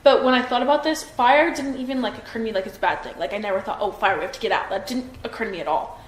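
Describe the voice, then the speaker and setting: A woman in her twenties talks haltingly through a recorded police interview, stopping and restarting. Her voice sits a little high. The room rings with echo under a faint hiss. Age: 20s. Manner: hesitant, many fillers and restarts. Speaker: witness being interviewed by police.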